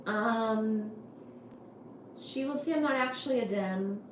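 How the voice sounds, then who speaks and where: A woman hosting a casual livestream, reading chat comments in a playful, laughing way. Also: a little high. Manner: playful, laughs often, soft and drawn-out. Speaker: livestream host. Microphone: iPad. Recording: roomy echo with faint background noise.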